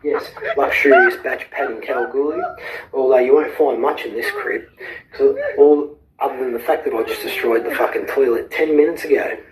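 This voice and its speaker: A man's voice: medium pitch, moderate pace, background noise. A man with an Australian accent giving a crude, swearing film rant and telling a comic anecdote, often laughing at his own jokes. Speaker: contributor sending in a recorded review.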